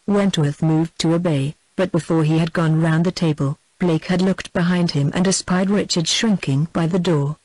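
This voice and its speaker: An audiobook narrator reading a historical novel in a steady, measured way. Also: medium pitch, no room sound, rough recording.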